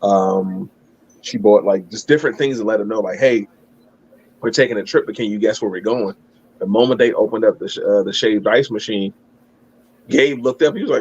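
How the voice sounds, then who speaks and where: A man's voice: on the low side, normal speed, a little mellow, muffled recording, a little hiss or hum. A man telling a long, rambling story in casual chat, swearing and laughing at himself. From Maryland. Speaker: guest.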